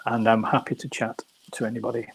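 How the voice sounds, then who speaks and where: A middle-aged man from Yorkshire, a crime author, chatting casually in an interview with a soft, soothing, polished voice that never rises to a shout, rambling and poking fun at himself. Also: mid-range voice, flat delivery, quick pace, creaky, a crowd in the background, rough recording. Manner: chatty, wandering, self-mocking.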